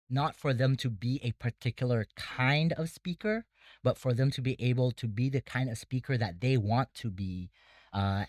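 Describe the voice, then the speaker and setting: Low-voiced man explaining his teaching. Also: dry recording. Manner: relaxed, explains step by step with many "like" fillers. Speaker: debate academy founder. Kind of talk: casual interview talk. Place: Bangkok.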